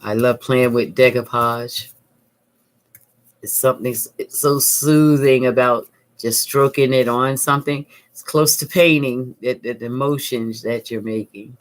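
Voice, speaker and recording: Woman craft vlogger, unhurried, relaxed talk-along tutorial. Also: extremely low pitch. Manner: chatty, thinks aloud while working; calm, soothing.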